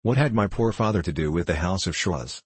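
A male reader plays an earnest teenage country boy from an old adventure storybook. He speaks with hesitant sincerity. The voice stays low and slightly husky, recorded dry and close. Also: expressive, brisk, no room sound.

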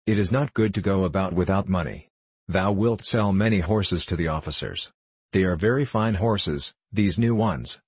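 A man's voice: low-pitched, breathy edge, no room sound. A man reading the part of a cheeky, wheedling teenage street boy in a storybook. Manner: wheedling, playful.

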